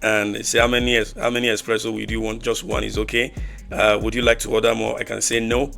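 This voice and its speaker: Low, flat-voiced man teaching code. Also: vocal fry, faint music behind. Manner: halting, repetitive, many fillers and restarts. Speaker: programming tutor. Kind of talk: screen-recorded coding walkthrough.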